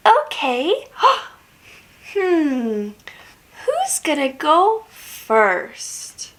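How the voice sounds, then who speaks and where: Young woman, toddler teacher: drawn-out and very slow, sing-song with big gasps and soft whispers. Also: extremely high pitch, big pitch swings. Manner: exaggerated gasps and cheerful praise; hushed whispers at bedtime.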